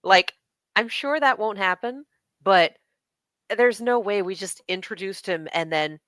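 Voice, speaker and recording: A woman's voice: medium pitch, unhurried, a bit bright, no room sound. A woman co-hosting a casual fan chat show, joking and speculating with enthusiasm. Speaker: podcast co-host.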